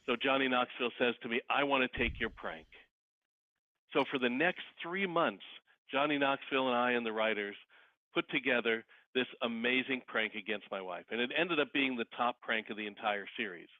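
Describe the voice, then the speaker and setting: A man speaks as a guest over a thin, phone-like line with a dry, close sound. He tells his stories with lively energy and acts out the voices of the people in them. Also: mid-range voice, brisk, no room sound. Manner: lively storyteller who acts out quoted voices. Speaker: guest, wedding officiant and celebrity impersonator. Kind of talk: casual interview storytelling.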